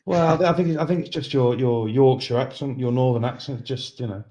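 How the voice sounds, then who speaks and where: A man's voice: medium pitch, fairly quick, dark tone. A man with a Birmingham accent who rambles and hesitates in good humour as he co-hosts a casual sim racing commentary.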